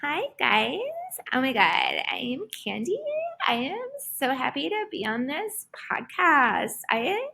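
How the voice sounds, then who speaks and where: A woman putting on a bubbly, lonely, ditzy young woman with a high, rambling, sing-song voice. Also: sing-song, takes it slowly, vocal fry, sharp tone, full character voice. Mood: bubbly, wistful.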